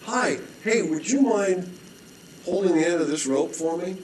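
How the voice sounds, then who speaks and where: A man's voice: high voice, animated, a little slow, crowd noise. A man voicing a carefree, stubborn man who hangs from a rope, speaking cheerily and refusing to climb up. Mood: cheery. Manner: cheery, pleading, then coolly refusing. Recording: echoey room.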